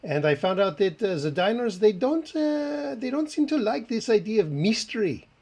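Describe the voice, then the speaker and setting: A man's voice: high-pitched, big pitch swings, creaky, a little mellow, exaggerated voice. A man putting on a fake French chef. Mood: sly. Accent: put-on French. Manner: hesitant, halting, many uhs. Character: fake French chef, middle-aged man, sly and smug. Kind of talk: improv comedy character.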